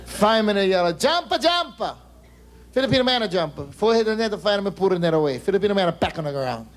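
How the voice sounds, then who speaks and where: A male comedian telling jokes on a live stage into a stage microphone, in a lively, chatty delivery that interrupts itself. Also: high voice, quick pace. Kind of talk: live stand-up joke telling.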